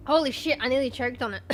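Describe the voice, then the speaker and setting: A young Australian woman chatting casually with her stream chat while gaming, swearing freely and offhand. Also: sits high.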